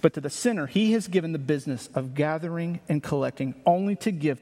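A man with a high voice preaches in an animated, emphatic way, repeating himself and throwing out rhetorical questions. His voice rings out with a long reverb, as if from a large hall. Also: quick pace. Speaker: pastor. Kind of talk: sermon.

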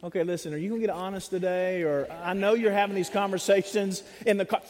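Preacher, male, high voice, animated and joking, sermon delivery, long church reverb. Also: fast talker, few pauses. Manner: animated, humorous, acts out voices of others. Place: church sanctuary.

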